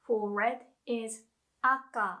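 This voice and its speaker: A woman with a slightly high voice leads a casual video lesson on Japanese pronunciation. She explains sounds in an upbeat, chatty way and backs each point with familiar examples. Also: steady tone, takes it slowly, bright, forceful tone. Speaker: Japanese teacher.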